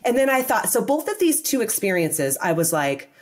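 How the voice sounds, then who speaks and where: A woman's voice: on the high side, normal speed. A woman in her forties, a podcast guest telling stories in casual interview chat, acting out bits of dialogue. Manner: animated storyteller, acts out quoted dialogue, frequent restarts. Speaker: podcast guest, wellness teacher.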